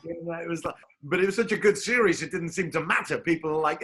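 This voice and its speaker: A man's voice: on the high side, expressive, fairly quick, fairly bright tone, low-quality recording. A man hosting a casual interview over a video call, asking questions in a playful, enthusiastic way. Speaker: host.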